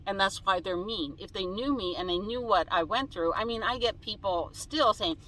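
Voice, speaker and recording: Woman, vlogger, bright forward voice, casual chat, reads comments aloud, inside a van. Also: mid-range voice, moderate pace, a little hiss or hum, rough recording. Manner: chatty, reads comments aloud and answers them. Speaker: vlogger reading viewer comments.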